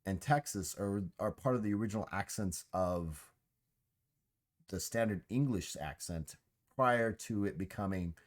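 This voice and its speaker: A low-voiced man chats casually as host of a gaming stream. He muses aloud, rambles and restarts his sentences as he thinks. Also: a little slow. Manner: musing, rambling, with many restarts. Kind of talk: casual chat.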